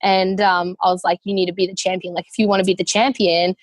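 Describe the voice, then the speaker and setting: A woman's voice: mid-range voice, flat delivery, fast, dry recording. A young adult woman with an Australian accent, a podcast guest telling her story in a heartfelt, rambling way full of fillers. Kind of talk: casual interview.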